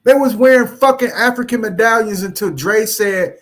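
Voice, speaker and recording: A man's voice: high voice, lively intonation, brisk, few pauses, fairly bright tone. A man delivering a heated, profane monologue, confronting his listeners with repeated rhetorical questions. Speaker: commentary channel host.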